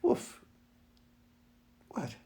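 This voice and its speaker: Speaking very slowly in a warm tone, a vlogger at home chats about his new puppy. He jokes around and drifts into fond baby talk directed at her.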